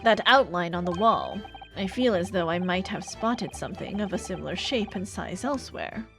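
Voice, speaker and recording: Woman doing a polite young lawyer guy, measured, lively pitch, soft music under. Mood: earnest. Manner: formal, measured reading.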